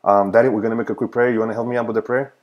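A man's voice: mid-range voice, little pitch movement, rapid-fire, lo-fi sound. A man hosting a casual livestream as a pastor, greeting viewers by name, laughing often and moving into earnest prayer.

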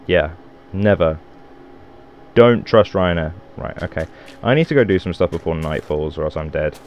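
Gamer guy, low voice, loose swearing commentary, faint hiss under a home mic. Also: moderate pace. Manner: rambling, swearing, self-mocking. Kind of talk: let's play commentary.

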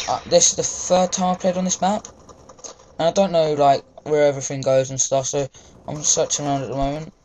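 A man's voice: fairly high pitch, darkish tone, a little hiss or hum. A young man, chatting casually over gameplay, rambling with lots of fillers. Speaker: gaming commentator.

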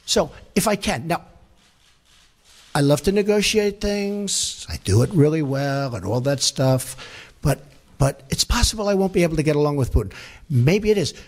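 With a fairly high pitch and lively intonation, a president speaks at a moderate pace while answering press conference questions off the cuff. He stands at a podium in a large formal hall and is blunt, emphatic and repetitive.

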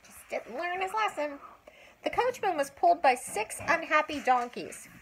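An older woman, a grandmother, reading a children's story aloud with expressive, drawn-out emphasis and asides to a child. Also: high voice, a little hiss or hum, poor audio.

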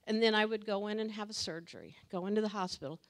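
A woman's voice: mid-range voice, quick pace. A woman sharing a personal testimony at a church gathering, talking earnestly and emotionally and laughing now and then. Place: church meeting room with audience.

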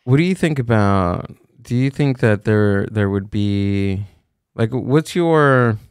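A man's voice: fairly low pitch, lively intonation, slow, clear, resonant tone, no room sound, clean studio sound. A man co-hosting a podcast, musing and asking questions in casual chat. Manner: musing, asks questions with restarts. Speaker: podcast co-host.

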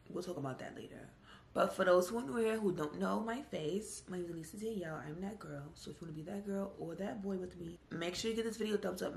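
A woman's voice: on the low side, gravelly, reverberant, slight background noise. A young woman talking casually to camera in a home vlog, chatty and rambling with lots of "like"s. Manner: chatty, rambling, slangy with many "like"s. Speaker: vlogger.

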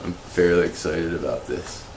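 A man hosting a comedic fish show, talking in an awkward, rambling, deadpan way. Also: reverberant, background noise. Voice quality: slow, awkward, rambling delivery that becomes emotional and high-pitched. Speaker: comedy web show host.

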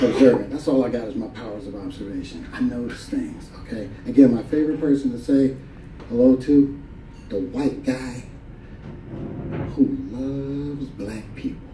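A man performing a stand-up comedy set on a club stage, telling stories animatedly and jumping into high voices for the people he quotes. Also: recorded from a distance, noisy background. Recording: roomy live club recording, crowd laughter.

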